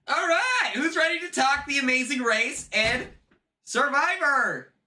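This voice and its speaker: Young guy on a live stream at home, bright tone, bouncy up and down, super chatty. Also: very high-pitched, a little slow. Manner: excitable, chatty, talks to viewers by name. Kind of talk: casual live-stream chat.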